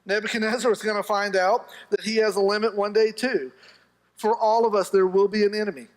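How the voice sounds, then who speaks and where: A male pastor delivers a sermon in a church sanctuary, his voice pitched high for a man. He tells stories with a humorous touch and acts out the voices of the people in them. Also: steady tone, a little fast.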